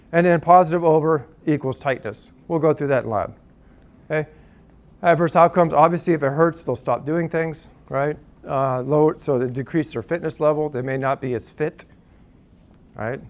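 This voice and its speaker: A man lectures to a class in a loose, conversational way, checking in constantly with "right?" and "okay?". His voice sits a bit high, and he drops dry jokes as asides.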